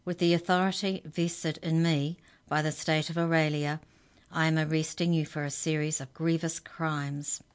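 A woman's voice: deep voice, level tone, normal speed, clear, resonant tone, natural voice. A woman voicing a stern female hex checker official, cross and commanding, in a children's storybook reading.

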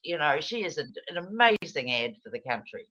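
A woman's voice: low-pitched, sing-song, fairly quick, pushed and bright, highs cut off. A middle-aged woman, chatting in a rambling, digressive way with frequent laughs. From New Zealand. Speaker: guest, former radio presenter. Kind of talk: casual chat.

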